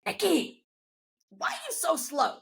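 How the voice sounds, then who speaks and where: A woman imitating an elderly male yoga guru who speaks in clipped, broken phrases, gruff but tender. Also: extremely high pitch, wildly swooping pitch, measured pace, voice pushed up, heavily acted. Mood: scolding.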